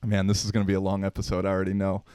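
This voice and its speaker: Male podcast host, 30s, relaxed slangy storyteller; smooth, clear voice in a dry room. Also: sits low, rapid-fire, no room sound. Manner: laid-back, slangy, rambling with fillers. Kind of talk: unscripted casual storytelling.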